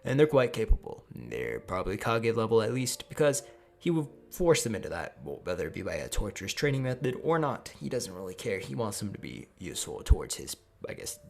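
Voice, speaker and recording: A man's voice: fairly low pitch, very animated, a little fast, vocal fry, darkish tone. A man casually narrating a fan story, crude and rambling, swearing often. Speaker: YouTube storyteller.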